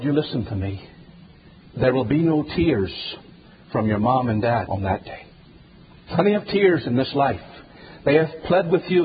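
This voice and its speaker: A man preaching a fiery sermon, swinging between loud drawn-out declarations and hushed, low pleading. Dull, lo-fi recording with faint background hiss.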